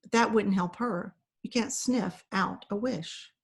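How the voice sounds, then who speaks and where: A woman reading a children's novel aloud, narrating the story in a steady, even way. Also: mid-range voice, a little slow, vocal fry. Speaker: reader.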